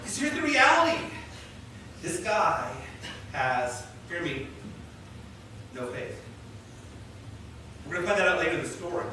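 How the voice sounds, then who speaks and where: Male pastor preaching a dramatic sermon, loud then hushed, recorded far off in a very echoey church with faint noise. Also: high voice, very animated, a little slow, long pauses. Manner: dramatic storytelling, swings between loud and hushed. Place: church sanctuary.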